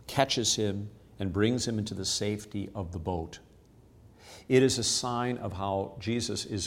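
Male devotional podcast host, lower register, earnest explanatory teaching tone. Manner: earnest, explanatory, repeats key phrases. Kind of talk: scripture teaching.

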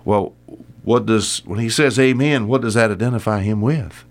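A man's voice: lowish voice, moderate pace. An older man preaching a sermon in a folksy, repetitive way, rising to emphatic bursts on key words.

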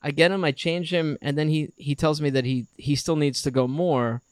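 Male podcast co-host, thirties, animated storyteller, slightly higher voice, dry mic. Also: normal speed, smooth, no echo. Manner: animated storyteller, acts out a child's voice in quotes. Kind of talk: casual storytelling chat.

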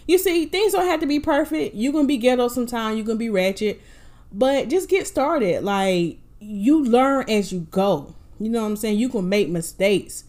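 A woman's voice: mid-range voice, a little mellow. A woman from North Carolina, hosting her own podcast in a chatty, sassy, motivational way, often correcting herself. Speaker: podcast host. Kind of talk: casual solo podcast talk.

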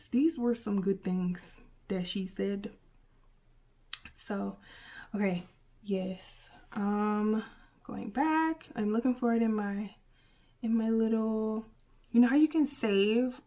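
A young woman hosts her own podcast, chatting in an easygoing, unhurried way. She rambles a little, laughs at herself and fills gaps with plenty of fillers. Her voice sits at an ordinary middle pitch. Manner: chatty, animated, lots of fillers and asides. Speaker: podcast host. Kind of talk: casual solo podcast chat.

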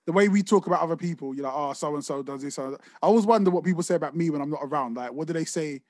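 Podcast co-host, man, high voice, dry close sound, musing delivery. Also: very fast, a little mellow, dry recording. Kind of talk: casual chat.

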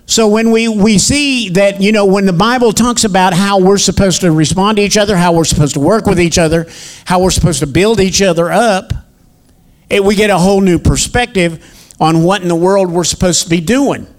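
A man preaches in a high voice. He tells folksy stories with chatty asides to his congregation, then reads scripture aloud in a teaching sermon style. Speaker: minister and teacher.

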